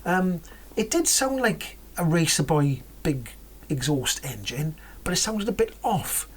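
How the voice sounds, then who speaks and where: This woman vlogs about cars in a low, husky voice that swings widely in pitch and moves a little slowly. Her casual chat wanders, and she frequently corrects herself or drops into a whisper for an aside.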